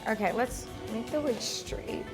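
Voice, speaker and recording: A woman's voice: on the high side, measured pace. Chat casually as a young woman hosting a crafting stream, full of likes and fillers. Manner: chatty, lots of likes and fillers. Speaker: host. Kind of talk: casual chat while styling a wig. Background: music.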